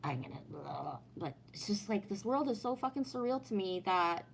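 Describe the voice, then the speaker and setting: A woman's voice: medium pitch, lively intonation, normal speed, vocal fry, slight background noise. A middle-aged woman chatting casually on a livestream, rambling, swearing freely and trailing off mid-thought. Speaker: livestreamer reading chat.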